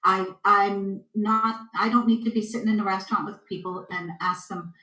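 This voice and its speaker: A woman's voice: medium pitch, normal speed. A woman with a Canadian accent, a guest telling stories in a casual interview and acting out the voices of the people in them. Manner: animated storyteller, acts out voices. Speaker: guest intuitive. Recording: echoey room.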